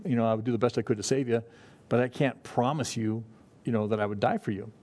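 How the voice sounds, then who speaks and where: A man's voice: mid-range voice, steady tone, fast, a little mellow. Folksy middle-aged man teaching scripture. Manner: conversational, folksy, many fillers and restarts. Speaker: pastor. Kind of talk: Bible study teaching.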